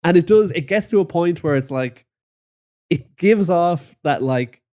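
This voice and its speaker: A man co-hosting a football podcast in casual chat, laughing often and swearing in relaxed banter. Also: a little high, unhurried. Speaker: podcast co-host.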